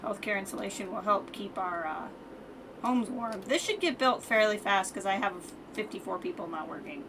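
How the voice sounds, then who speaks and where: A woman streams a game and thinks out loud, chatty and frequently correcting herself, in casual let's-play commentary. She has a mid-range voice at a moderate pace, picked up by a distant mic amid background noise.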